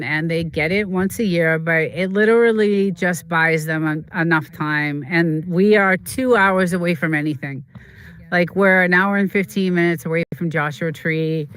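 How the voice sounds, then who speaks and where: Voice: medium pitch, a bit bright. A streamer talking in a rambling, emotional way, full of fillers and restarts, in casual chat from a desert home.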